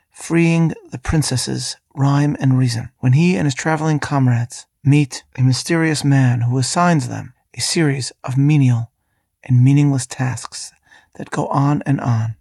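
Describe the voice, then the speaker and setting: Gravelly, husky rabbi hosting a podcast. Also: male voice, mid-range voice, darkish tone, dry recording, studio quality. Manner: measured, deliberate reading. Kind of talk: scripted podcast lesson.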